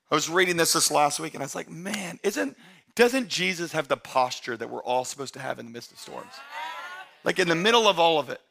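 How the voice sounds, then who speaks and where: High, bright-voiced preaching man. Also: brisk, creaky. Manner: energetic, conversational preaching, swings from loud shouts to quiet asides. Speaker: pastor. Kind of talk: sermon.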